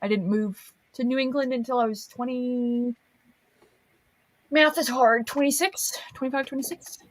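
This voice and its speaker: Woman, faint southern accent, slightly high voice, friendly rambling casual chat, dry close recording. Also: fairly even intonation, moderate pace, dry recording, low-quality recording. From Southern United States.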